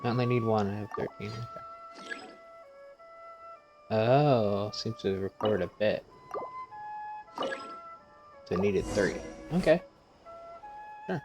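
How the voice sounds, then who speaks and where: A man's voice: on the low side, expressive, unhurried, long pauses, music in the background. A man hosting a gaming channel, playfully reading every character's dialogue aloud himself while playing and laughing often.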